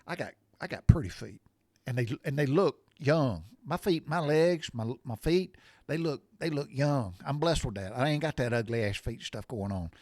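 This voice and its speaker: A man's voice: medium pitch, lively intonation, normal speed, a little mellow, no echo, clean studio sound. A man in his sixties chatting casually to his viewers, folksy and rambling, wandering off on tangents. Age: 60s. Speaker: vlogger. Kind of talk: casual chat.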